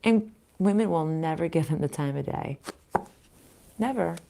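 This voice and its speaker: A woman's voice: sits low, animated, measured pace, vocal fry, mellow, a little hiss or hum. A middle-aged woman giving a casual live spiritual reading, talking frankly, swearing now and then, and laughing often. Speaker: spiritual reader.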